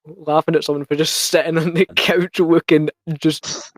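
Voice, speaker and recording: Young man, excitable storyteller. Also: fairly high pitch, normal speed, no room sound. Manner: laughs often, excitable storytelling with swearing. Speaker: podcast co-host. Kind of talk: casual late-night chat.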